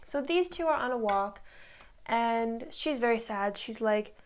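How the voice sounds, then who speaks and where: A woman's voice: fairly high pitch, lively intonation, measured pace, a little hiss or hum. A woman in her twenties recapping a TV show in a casual, rambling way, full of likes and ums. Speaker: recap vlogger.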